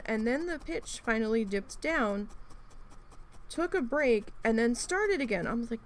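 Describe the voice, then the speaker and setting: A woman's voice: fairly high pitch, expressive, a little slow. Rambling, swearing woman telling stories. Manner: rambling, swears freely, acts out her own reactions. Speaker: crafting video host. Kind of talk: casual chat while crafting. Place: at home.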